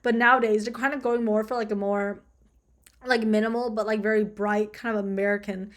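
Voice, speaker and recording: A woman's voice: medium pitch, level tone, brisk. A young woman chatting casually as she reacts to designs, full of fillers and easy swearing. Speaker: vlogger. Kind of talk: casual commentary video.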